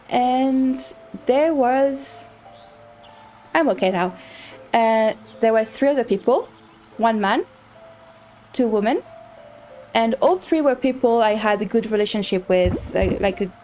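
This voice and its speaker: A woman's voice: fairly high pitch, a little mellow. A woman streamer chatting casually while playing a farming game, telling a story with many restarts and repeats.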